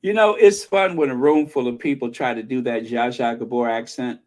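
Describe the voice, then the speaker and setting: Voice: mid-range voice, moderate pace. A channel host chatting casually, opinionated and breaking into snatches of old TV theme songs. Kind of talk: casual chat.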